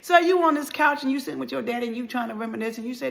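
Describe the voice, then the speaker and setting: A woman's voice: high-pitched, very fast, creaky. A middle-aged woman and life speaker telling a painful personal story with dramatic emotion, at times sinking to near whispers. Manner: dramatic, acts out dialogue, drops to near whispers.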